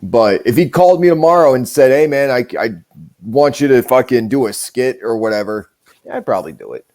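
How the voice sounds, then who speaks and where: A man's voice: mid-range voice, animated, brisk, a little mellow. A man hosting a podcast, telling stories in a casual, profane, rambling way. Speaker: show host.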